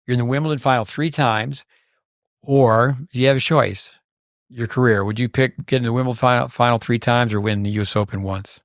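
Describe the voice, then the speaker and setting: A man's voice: mid-range voice, fairly even intonation, brisk, no echo, studio quality. An older man hosting a podcast, telling long rambling anecdotes full of fillers and restarts in casual chat. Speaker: podcast host.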